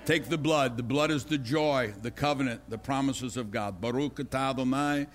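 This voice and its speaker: A man's voice: medium pitch, normal speed. An older man preaching an impassioned, emphatic sermon.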